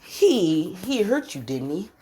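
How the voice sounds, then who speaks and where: A cold, cruel young frost demon that a woman puts on sneers and drawls his words, condescending and mocking in a low voice. The delivery swings widely in pitch, like a casual fan story read aloud. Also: sing-song, slow pace, warm tone. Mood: sneering.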